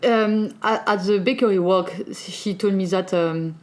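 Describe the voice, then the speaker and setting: A woman with a French accent co-hosting a podcast, speaking halting English, laughing often and slipping into French words. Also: medium pitch. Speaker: podcast co-host. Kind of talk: casual podcast chat.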